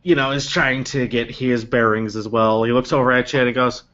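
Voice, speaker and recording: A man narrating a tabletop game as game master, unhurried and halting, filling pauses with ums. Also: medium pitch, steady tone, fairly bright tone, muffled recording.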